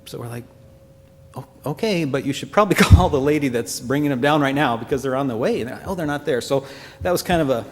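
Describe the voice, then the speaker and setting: A man giving an earnest, heartfelt personal testimony to a congregation, speaking in a halting way. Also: mid-range voice. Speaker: church member giving a testimony. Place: church hall. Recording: long church-hall reverb.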